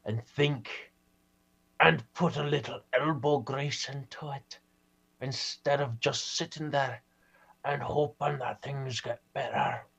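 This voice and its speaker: Man playing a gravelly, lecturing old father. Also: medium pitch, fairly even intonation, takes it slowly, a bit bright, exaggerated voice. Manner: lecturing, folksy. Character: gruff old father who built the business, preachy. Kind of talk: live improv comedy. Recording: dull lo-fi sound.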